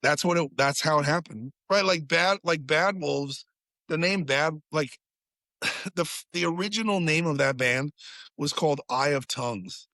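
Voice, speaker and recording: A man's voice: a little high, a little slow, sharp tone, no echo. A man, a podcast guest, telling a story in casual chat, swearing freely and acting out quotes in a raised voice.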